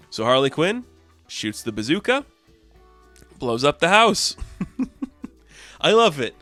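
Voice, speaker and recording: A man's voice: fairly high pitch, sing-song, takes it slowly, pauses often, pushed and bright, dry recording, soft background music. Casual man recapping a comic. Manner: casual, laughing, lots of fillers. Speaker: comic book reviewer.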